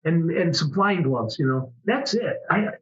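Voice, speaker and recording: Speaking at a measured pace, a middle-aged man who once flew fighter jets rambles chattily through a casual storytelling interview, stumbling over frequent restarts. His voice is slightly high for a man, and the sound is dull and lo-fi.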